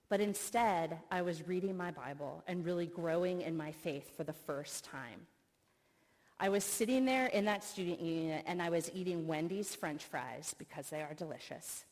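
A middle-aged woman, a professor, giving an earnest sermon full of personal stories and expressive retelling. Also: lowish voice. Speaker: speaker, professor. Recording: long reverb of a hall.

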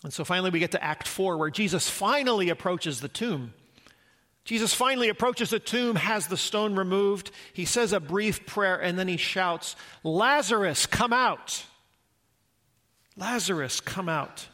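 A man's voice: sits high, moderate pace, sharp tone. A man preaching a sermon as a pastor, earnest and reflective, posing rhetorical questions to the congregation.

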